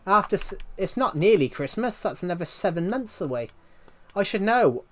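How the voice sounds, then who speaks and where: Young guy from the southwest rambling on a stream, lots of ums, slightly high voice. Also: very animated, normal speed, fairly bright tone. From Southwest England. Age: 20s. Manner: rambling, many ums and restarts. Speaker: livestreamer. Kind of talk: livestream chat, answering viewer comments.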